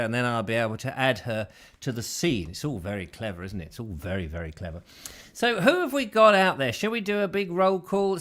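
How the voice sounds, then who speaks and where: A man's voice: mid-range voice, fairly bright tone. Playful guy hosting a live stream, voice bouncing all over, reading out names. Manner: chatty, playful, theatrical. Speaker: host.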